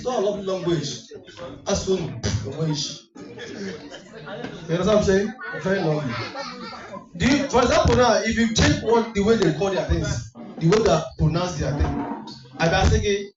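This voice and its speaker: A man's voice: a little high, unhurried, long pauses, recorded from a distance. Playful man emceeing a party. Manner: playful, teasing, switches between English and Igbo. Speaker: event host. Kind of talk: joking emcee banter at a party. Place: community party hall. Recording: echoey hall, mic from afar, dull sound with loud music.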